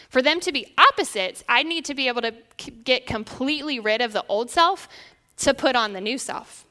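A young woman with a Southern twang leads a Bible lesson with a bright, slightly high voice. She speaks in an earnest, measured way and reads the scripture passages aloud. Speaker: Bible study teacher.

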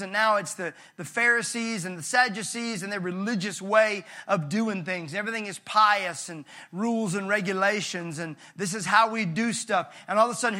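A male pastor preaching a sermon in a conversational, animated way with jokey asides. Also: sits high.

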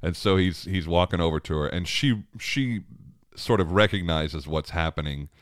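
A man's voice: deep voice, normal speed, dry recording, clean studio sound. A man in his thirties, a father, telling a family story in a casual, rambling way, chuckling often and restarting his sentences.

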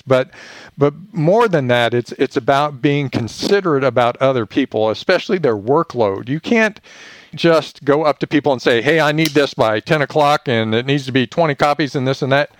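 A man's voice: mid-range voice, no room sound. A man as a podcast guest telling a childhood story, acting out the voices he quotes. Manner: animated, acts out quoted voices. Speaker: podcast guest, leadership author. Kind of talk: casual storytelling.

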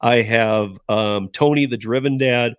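A man's voice: mid-range voice, unhurried, no room sound, clean studio sound. A man around fifty, a guest on a casual podcast chat, who rambles with lots of "like" and restarts. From Denver area.

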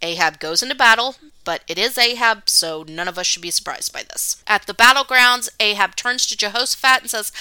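A woman's voice: a little high, brisk, hardly any pauses, bright, forceful tone, clear, resonant tone, no room sound. A woman hosting a podcast, retelling a Bible story in a casual, playful way with slangy asides. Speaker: podcast host.

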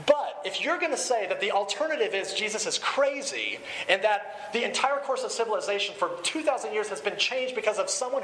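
A middle-aged man preaching a sermon, emphatic, slowing down and dropping low to land his key points. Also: a bit bright, a little hiss or hum, rough recording. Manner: emphatic, slows down and drops pitch for key points. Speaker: pastor.

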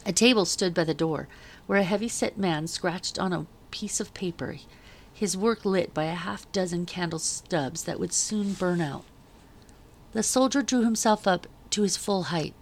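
A woman reads a novel aloud in a measured, even way, like a teacher with her class. Her voice sits low for a woman and has a gravelly, creaky texture.

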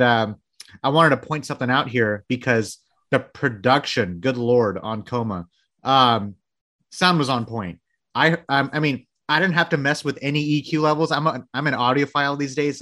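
A man's voice: medium pitch, moderate pace, sharp tone. A man hosting a casual interview, enthusiastic and chatty, laughing easily. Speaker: interview host.

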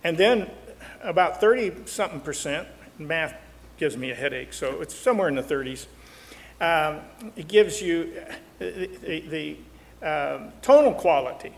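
A man's voice: a little high, expressive, unhurried, gravelly, long reverb tail. An older man and marriage counselor teaching in a folksy, joking way, acting out little quotes. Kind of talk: talk show teaching.

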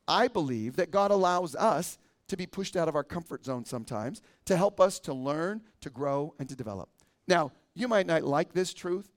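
A middle-aged man preaching a sermon as a pastor, in a conversational way, often checking in with listeners with "right?". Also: a little high.

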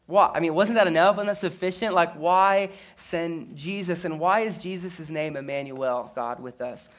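Guy preaching, kinda high voice, earnest, keeps restarting and repeating himself. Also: normal speed, a bit bright. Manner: earnest storytelling with stammered restarts and repetition. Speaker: pastor. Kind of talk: sermon.

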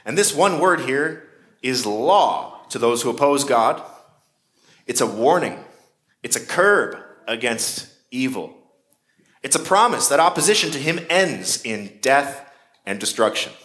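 A man's voice: medium pitch, lively intonation, a little slow, fairly bright tone. A man preaching a sermon in a conversational way, with shifting emphasis. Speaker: pastor.

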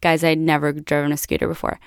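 Chatty young american girl telling a story on her podcast, kinda low voice, super clean dry mic. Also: completely flat delivery, fast, clean tone, dry recording. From United States. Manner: chatty, laughs often, addresses listeners as guys. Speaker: podcast host. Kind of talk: casual solo storytelling.

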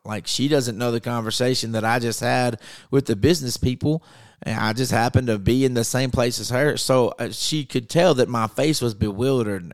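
A man preaching in an earnest storytelling way, often halting and restarting as he recounts a personal story. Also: mid-range voice, dry recording, clean studio sound. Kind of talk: storytelling sermon.

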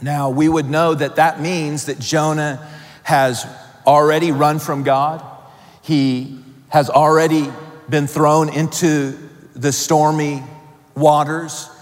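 A man preaching a sermon to a congregation, reading scripture and breaking off into joking asides with building emphasis. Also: fairly high pitch. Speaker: pastor. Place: church hall. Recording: long hall reverb.

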